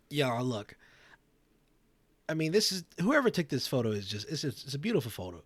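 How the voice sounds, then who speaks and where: A man's voice: mid-range voice, very animated, fairly quick, long pauses, a bit bright, no echo. A man co-hosting a role-played talk show, joking around, repeating himself and giggling.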